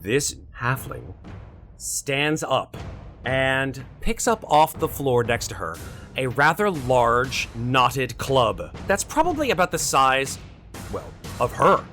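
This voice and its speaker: A man narrating a tabletop game as dungeon master in a lively, animated way. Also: mid-range voice, slow, soft background music.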